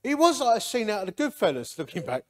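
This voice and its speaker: A man, giving a lively, jokey personal testimony to a men's gathering and acting out the people in it. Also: high voice, fast talker. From Hornchurch, England. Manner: lively, jokey, acts out quotes.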